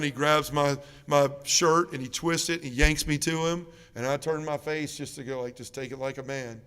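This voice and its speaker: A man giving an earnest, emotional faith testimony at a parish mission, dropping soft and low in the heavy moments. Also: smooth. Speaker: guest speaker at a parish mission. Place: church. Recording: reverberant church sanctuary.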